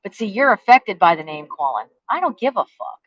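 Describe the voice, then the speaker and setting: A woman's voice: medium pitch, very animated, fairly quick, no echo. A woman who rants straight at the camera, cursing hard and throwing out taunting questions. Her voice sits mid-range for a woman, and the sound is dry and a little dull, as from a cheap home mic. She is defiant and never lets up. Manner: profane and confrontational, heavy cursing. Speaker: vlogger. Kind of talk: angry rant to the camera.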